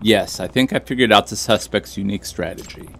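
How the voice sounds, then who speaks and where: An actor playing a calm, methodical male private detective in a video game, laying out his reasoning in a measured, explanatory way. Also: lowish voice, gravelly. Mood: confident. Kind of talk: scripted game dialogue.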